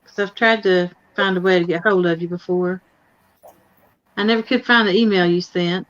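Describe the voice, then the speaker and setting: A woman's voice: on the low side, steady tone, moderate pace, a bit bright. Easygoing woman host, dull sound. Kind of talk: casual chat.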